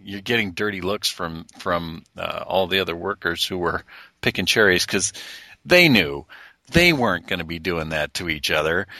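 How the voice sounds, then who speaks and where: A man casually recounting a summer job story on a podcast, relaxed and amused. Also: low-pitched, dry recording, clean studio sound. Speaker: podcast co-host.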